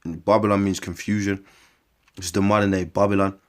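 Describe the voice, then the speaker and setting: A man with a low voice preaches scripture in a loose, rambling way. He swears freely and calls his listeners bruv and mate. When he reads long biblical lists, he slows down and takes his time. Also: level tone. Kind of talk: informal scripture preaching to camera.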